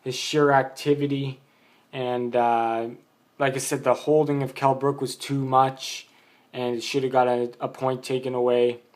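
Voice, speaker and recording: Dude vlogging about a fight, pretty flat voice, blunt, lots of uh and um. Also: male voice, medium pitch, a little slow. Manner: blunt, opinionated, rambling with many fillers. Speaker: boxing vlogger. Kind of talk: casual opinion monologue.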